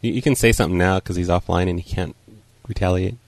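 A man's voice: low-pitched, steady tone, quick pace, a little hiss or hum. A man hosting an internet radio chat show, laid-back and joking. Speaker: show host.

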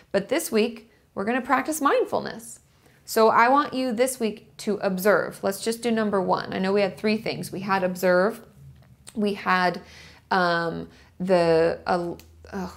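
A woman talks straight to her camera in a casual, chatty way, walking through ideas step by step and glancing at her notes. Her mid-pitched voice has a gravelly, creaky edge. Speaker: vlogger. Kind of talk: casual teaching monologue to camera.

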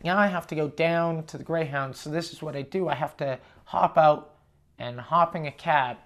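A man's voice: a little high, normal speed, fairly bright tone. A young man from Canada hosting a podcast, telling a story in a casual, profane, ranting and self-mocking way. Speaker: podcast host.

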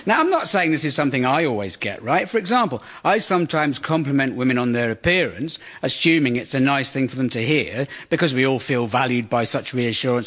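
A man giving a sardonic stand-up monologue as host of a radio comedy show. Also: medium pitch. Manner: wry, sardonic, deadpan.

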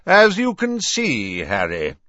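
A man voicing a calm, courteous old male wizard who speaks politely and measuredly, in a dry, slightly dull recording. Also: on the high side, dry recording, voice pushed up, full character voice. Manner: polite, measured, gently ironic.

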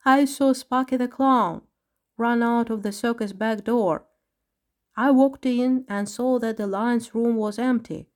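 A woman's voice: a little high, fairly even intonation, a little slow, voice pushed up, close to an everyday voice. A woman voicing a worried lion parent whose sons were taken, speaking in distress. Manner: distressed, sobbing quietly.

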